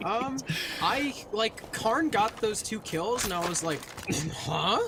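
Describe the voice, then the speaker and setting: A man's voice: high-pitched, animated, takes it slowly. A man giving casual color commentary on an esports match, breaking down plays. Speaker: esports caster. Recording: noisy broadcast with game sounds.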